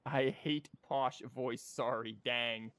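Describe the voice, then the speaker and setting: A man's voice: mid-range voice, fairly even intonation, slow, a bit bright, dry recording. A man streaming a video game, giving casual commentary with sarcastic, joking asides.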